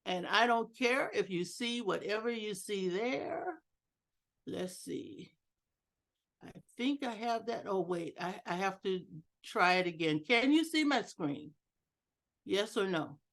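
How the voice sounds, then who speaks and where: A woman giving an instructional talk over a video call, deliberate and emphatic, joking about her own lack of technical skill. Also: animated, gravelly. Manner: deliberate, varies pitch and loudness for emphasis. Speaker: educational speaker at a club meeting. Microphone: video call computer mic.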